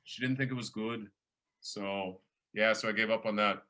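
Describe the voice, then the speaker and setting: A man's voice: on the low side, steady tone, moderate pace, pushed and bright. A man hosting a workshop as a professor, chatting casually with many restarts and fillers.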